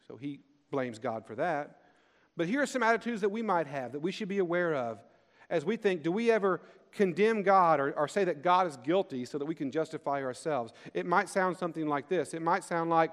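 Male pastor, slightly higher voice, earnest sermon delivery with slowed emphasis, long hall reverb. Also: clear, resonant tone. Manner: earnest, rising and falling emphasis with slowed key phrases.

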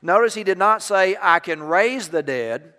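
A man preaching a sermon, easing from a quiet personal story into emphatic preaching. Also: high-pitched, animated, measured pace, big-room sound. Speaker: pastor.

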